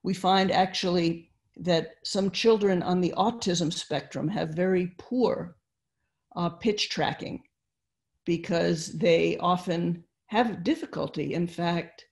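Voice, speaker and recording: An older woman lectures over a webinar, speaking slowly and deliberately. She explains each point step by step, with pauses and fillers along the way. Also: fairly low pitch. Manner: slow, explanatory, with fillers and restarts. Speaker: neuroscience lecturer. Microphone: computer mic on video call.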